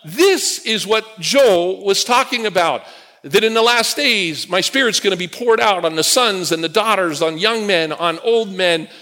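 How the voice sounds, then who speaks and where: Male preacher, storytelling sermon with jokes to the congregation, slightly high voice. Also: a little slow, pushed and bright. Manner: storytelling, humorous asides to the congregation. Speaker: guest preacher. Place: church sanctuary with congregation. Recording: long reverb of a large hall.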